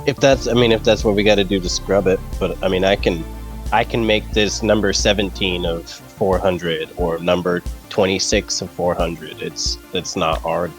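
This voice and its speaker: A man's voice: deep voice, steady tone, moderate pace, faint music behind. A man playing a tabletop game, speaking in a hesitant, offhand way. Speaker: player. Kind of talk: casual tabletop play.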